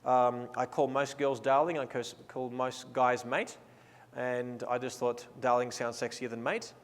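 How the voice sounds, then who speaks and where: A man's voice: medium pitch, flat delivery, measured pace. Australian man presenting in a reverberant hall. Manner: enthusiastic, casual and playful. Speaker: photography seminar presenter. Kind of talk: seminar talk with live posing direction.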